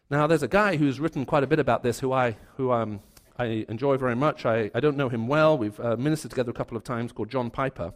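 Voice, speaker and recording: A man preaching a sermon to a live congregation, conversational and storytelling, with frequent restarts and fillers. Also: on the high side. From raised in the Middle East.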